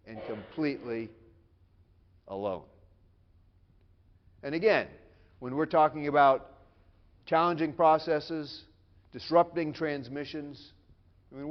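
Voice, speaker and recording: Earnest preacher man with dramatic pauses. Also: medium pitch, highs cut off. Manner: earnest, emphatic, with dramatic pauses and hushed quotes. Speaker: pastor. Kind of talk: sermon.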